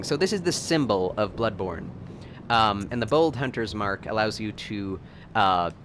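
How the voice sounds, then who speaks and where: A man hosting a video game playthrough, rambling and excitable, and laughing often as he plays. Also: on the low side, a little hiss or hum. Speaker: let's play host. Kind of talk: gameplay commentary.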